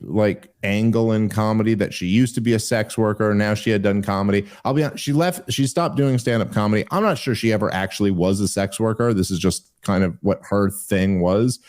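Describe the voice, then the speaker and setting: A man hosting a podcast, a stand-up comic telling a story in casual conversation, getting more animated as he grows indignant. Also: brisk, hardly any pauses. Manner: animated, rising higher when indignant.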